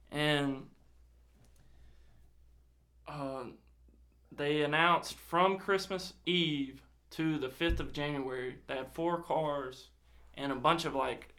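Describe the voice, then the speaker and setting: Young man, casual storytelling, heavy swearing, quotes people. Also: medium pitch. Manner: swears a lot, animated retelling with quoted dialogue. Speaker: guest telling a personal story.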